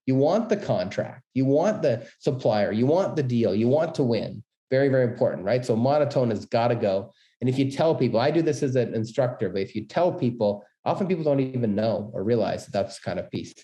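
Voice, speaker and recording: A middle-aged man, a business school dean, giving an energetic, quick-paced webinar talk on presenting. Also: mid-range voice. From Canada. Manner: fast, energetic talker with many quick asides. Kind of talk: presentation tips lecture. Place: room, webinar. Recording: roomy echo.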